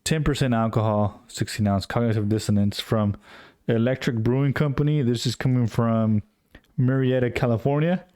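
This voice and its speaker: A man's voice: medium pitch, steady tone, moderate pace, dark tone. A man co-hosting a casual podcast, reading out beer labels in a laid-back way. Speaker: podcast co-host. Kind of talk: casual chat.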